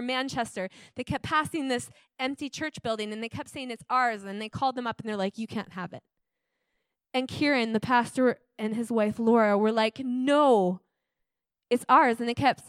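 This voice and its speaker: A woman's voice: a little high, no room sound. A woman telling faith stories in a casual, enthusiastic testimony style, chatty and full of fillers.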